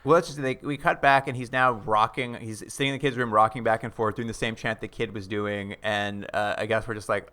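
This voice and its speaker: A man's voice: fairly low pitch, a little fast, few pauses, clean tone. A man co-hosting a podcast, casually retelling a TV episode scene by scene and acting out the characters' lines. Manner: animated retelling with quoted lines and laughs. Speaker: podcast co-host.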